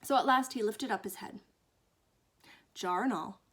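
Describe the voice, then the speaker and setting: A woman reading a children's book aloud, expressive and fond, often dropping into hushed whispers. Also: medium pitch, measured pace, pauses often. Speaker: storyteller.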